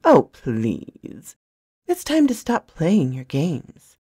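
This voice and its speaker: A narrator puts on a haughty, cold female enforcer from a storybook who sneers and patronizes. Her voice is pitched up over the reader's own and swings widely, delivered slowly. The sound is dry and close. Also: huge pitch swings, dark tone, breathy edge, no room sound, heavily acted. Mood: mocking.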